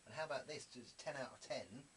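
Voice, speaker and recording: A man hosting a radio programme from the studio, talking quickly and eagerly, stumbling over fillers as he goes. His voice sits at an ordinary middle pitch. A clear hiss of noise runs under the recording. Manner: chatty and enthusiastic, full of uh fillers. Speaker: radio show host. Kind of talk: casual studio chat. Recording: noisy broadcast recording.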